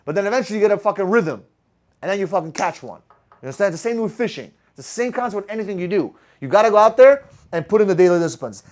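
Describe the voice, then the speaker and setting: High-pitched, fast-talking, foul-mouthed sales coach. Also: male voice, darkish tone. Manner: blunt and profane, firing rhetorical questions at the audience. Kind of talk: motivational talk to a live group.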